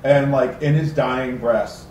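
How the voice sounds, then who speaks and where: A man's voice: mid-range voice, steady tone, takes it slowly, darkish tone. A man narrating as game master of a tabletop game, rambling with many fillers. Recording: roomy, distant, faint noise.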